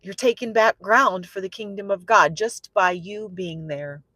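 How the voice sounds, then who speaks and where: A woman minister preaching through a personal story, chatty and repetitive, swinging from soft musing to loud, excited exclamation. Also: medium pitch, a little slow, no echo. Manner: repeats phrases for emphasis. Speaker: prophetic minister.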